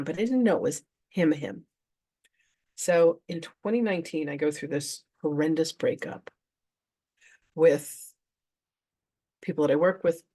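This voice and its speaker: Her voice sits low, warm and husky. She's a spiritual teacher and trance channel sharing a story from her own life with a live crowd, keeping it chatty and relaxed while playing out her past reactions.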